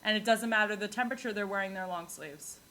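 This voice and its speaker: A woman from New York hosting a podcast, telling comic stories in a rambling, animated way and laughing often. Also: medium pitch, fast talker, a little hiss or hum. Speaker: podcast host. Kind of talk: comedic solo monologue.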